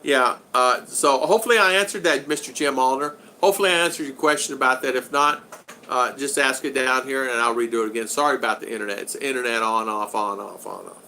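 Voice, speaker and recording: Bright-voiced man in his 60s. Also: medium pitch, fast, slight background noise. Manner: chatty, reads out and answers viewer comments, friendly teasing. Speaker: host of a live stream. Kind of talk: casual live-stream chat. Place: at home in the Philippines.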